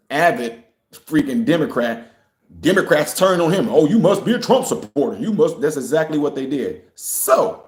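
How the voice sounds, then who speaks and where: A man's voice: mid-range voice, darkish tone. Man reading and commenting on news, roomy. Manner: talks straight to viewers, reads headlines aloud then comments; conversational with fillers and restarts, casual phrasing. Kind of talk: casual talk commentary.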